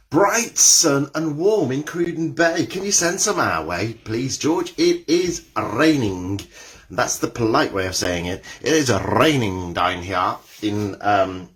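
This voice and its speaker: A cheery, chatty man runs a live online exercise class, greeting viewers by name and reading their comments aloud. His voice is on the low side and a bit bright.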